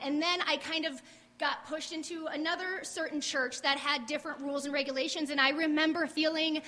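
A woman's voice: sits high, fairly even intonation, a little fast, pushed and bright. A woman candidly telling her faith story at a church service, chatty and full of "like" asides. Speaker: guest sharing testimony. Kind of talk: casual testimony on church stage. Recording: long hall reverb.

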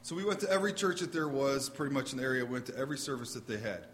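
A man at a church service recounts his story. He talks in a halting way, restarting his sentences, and pokes fun at himself. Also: mid-range voice, expressive, fairly bright tone, a little hiss or hum. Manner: halting, self-deprecating, restarts. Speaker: husband sharing testimony. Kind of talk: casual testimony on church stage.

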